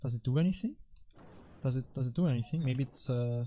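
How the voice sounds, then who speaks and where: A man's voice: mid-range voice, a little fast, warm tone. A man hosting casual gameplay commentary, rambling and self-mocking, with frequent exasperated outbursts at his teammates. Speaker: gaming channel host.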